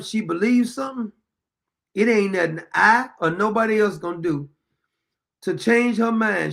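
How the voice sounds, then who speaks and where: A man's voice: high-pitched, animated, moderate pace, creaky, a bit bright. A blunt, emphatic man, talking in a casual monologue as a podcast host. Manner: blunt, emphatic, plain-spoken.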